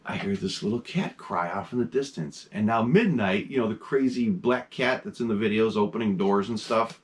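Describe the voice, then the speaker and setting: A man's voice: fairly low pitch, moderate pace. A man hosting a horror mask collection vlog, chatting casually from a desk in his home mask room, enthusiastic and rambling with lots of fillers.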